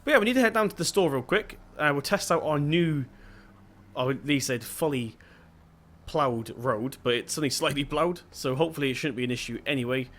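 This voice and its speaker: A man's voice: fairly high pitch, lively intonation, brisk, fairly bright tone. A young man giving casual let's-play commentary as a gaming video host, chatty and rambling, often stopping to correct himself.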